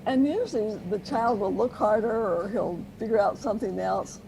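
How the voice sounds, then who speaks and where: A woman's voice: fairly high pitch, normal speed, hardly any pauses, dark tone. A woman explaining parenting ideas as an interview guest, earnest and teacherly, with light laughs now and then. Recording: noisy interview recording.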